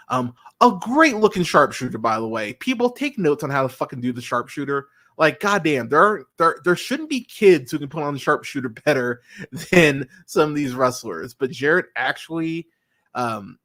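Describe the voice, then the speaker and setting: A man's voice: medium pitch, fairly bright tone. A young adult man hosting a podcast, giving a casual, enthusiastic solo review with frequent ums, restarts and swearing. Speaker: podcast host reviewing wrestling.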